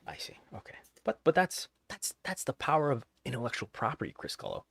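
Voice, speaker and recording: A man's voice: mid-range voice, wildly swooping pitch, fairly quick, vocal fry, a bit bright, breathy edge, no room sound. A man hosting a podcast, chatting casually about the news with wry, joking asides. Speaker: podcast host.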